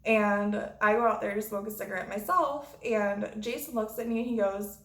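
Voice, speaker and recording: A woman's voice: mid-range voice, fairly even intonation, normal speed, fairly bright tone. Foul-mouthed woman telling a story. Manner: profane and blunt. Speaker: vlogger. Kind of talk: storytime vlog. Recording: roomy echo.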